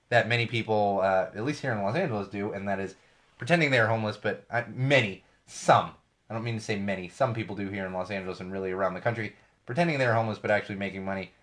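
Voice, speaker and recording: A man's voice: on the low side, fast, fairly bright tone. Chatty podcast host losing his voice. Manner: rambling, chatty, self-correcting asides. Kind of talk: casual solo podcast talk. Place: studio.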